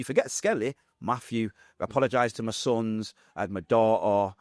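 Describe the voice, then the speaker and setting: A man's voice: mid-range voice, a little fast, a little mellow, no room sound, clean studio sound. A man with a Manchester accent telling his life story as an interview guest, emotional and blunt with street slang. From England.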